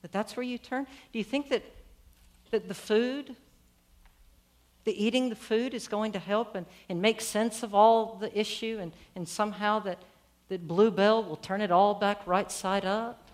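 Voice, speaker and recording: A woman with a medium-pitched voice preaches a sermon at a moderate pace. She retells a story conversationally and animatedly, putting questions to her listeners as she goes.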